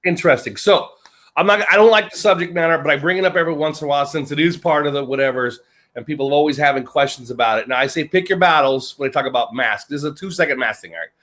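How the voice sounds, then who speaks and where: A man's voice: a little high, fast talker, fairly bright tone. An American man in casual chat, rambling and joking, often breaking into laughter mid-sentence. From United States. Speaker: guest. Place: lives in Britain.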